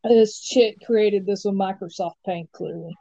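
A woman joining a podcast conversation, blunt and openly dismissive. Her tone is mellow and a little dark, and the sound is dry and close. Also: medium pitch, unhurried, no echo, dull audio. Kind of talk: casual podcast chat.

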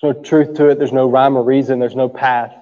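A man's voice: mid-range voice, fairly even intonation, fairly quick, long reverb tail, highs cut off. A man preaching a sermon. He talks to the room in a conversational way, often checks for agreement, and has an allergy cough. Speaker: pastor.

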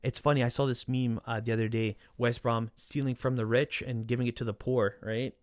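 A man hosts a football recap vlog, talking casually and swearing freely. His delivery is animated, swinging between loud rants and quieter asides. The sound is dry and close, with no room echo. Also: medium pitch, a little fast.

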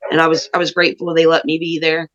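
A woman's voice: sits low, monotone, fast talker, lo-fi sound. A woman pro wrestler, a podcast guest, speaking in an earnest, reflective way in casual interview talk.

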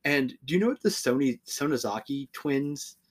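A young man co-hosting a podcast, chatting casually, swearing and laughing, with lively mock-shouted quotes. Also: medium pitch, moderate pace, slightly rough. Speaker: podcast co-host. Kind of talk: casual chat.

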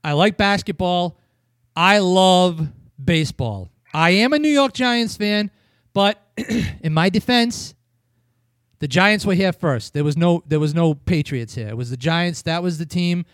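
A man's voice: high voice, expressive, unhurried, a bit bright, no room sound, clean studio sound. A man from New England ranting profanely as a podcast host in a casual wrestling review chat.

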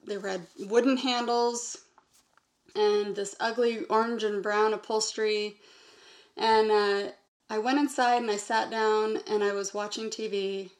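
A woman guest recounting a personal memory in an earnest, halting way, linking thoughts with repeated "and". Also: medium pitch. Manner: earnest, halting, strings sentences with "and". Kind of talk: personal testimony in conversation.

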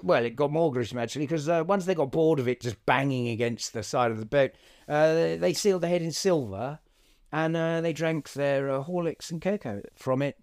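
A man co-hosting a comedy podcast, rambling through improvised chat with deadpan absurd asides and many ums. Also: on the high side, a little fast.

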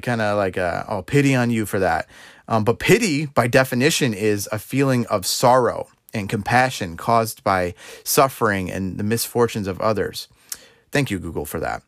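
A man's voice: on the low side, no room sound, studio quality. Man giving a casual, rambling sermon. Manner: conversational, rambling, self-correcting, laughs while speaking. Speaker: preacher. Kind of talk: informal sermon.

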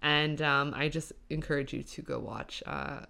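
A woman's voice: low voice, moderate pace, gravelly, bright, forceful tone, clear, resonant tone. A young woman hosting her own podcast, rambling through a solo monologue with many fillers, tired but upbeat. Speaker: podcast host.

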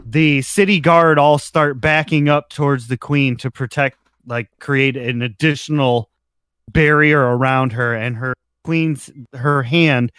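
A man's voice: mid-range voice, steady tone, a little slow, a bit bright, smooth, dry recording. A man narrating as game master of a tabletop role-playing game, laughing between descriptions.

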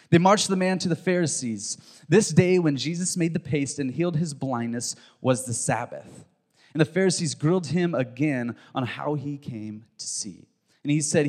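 A man preaching a sermon, reading a long scripture passage aloud with lively storytelling and asides to the congregation. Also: on the high side, normal speed. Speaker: pastor. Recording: long hall reverb.

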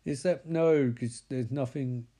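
A man's voice: medium pitch, a little slow, dark tone, slightly rough. A man sarcastically recapping and mocking a horror movie.

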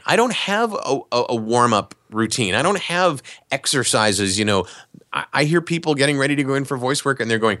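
A man, an actor and voice talent, explaining in a relaxed, conversational way during a podcast interview. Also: medium pitch, brisk, no echo, clean studio sound. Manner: relaxed, explanatory, animated asides.

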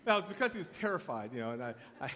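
A man's voice: on the high side, very animated, racing, sharp tone, long reverb tail. A man preaching a sermon as pastor, telling stories and calling for amens from the congregation. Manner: storytelling preacher, calls for amens.

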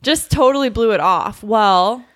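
Young woman telling a relaxed story. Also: on the high side, a little slow. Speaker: podcast guest, co-host's wife. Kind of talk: casual chat.

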